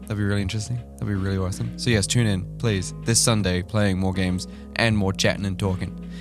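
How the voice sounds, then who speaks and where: A man's voice: sits low, little pitch movement, brisk, over music. A man hosting a reaction vlog, ranting animatedly and swearing. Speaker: YouTuber.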